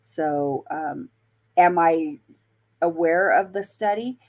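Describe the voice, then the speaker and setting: Her voice is low and she speaks slowly. She's a paranormal investigator from Colorado, appearing as a guest in a casual storytelling interview and chatting with lots of fillers and restarts.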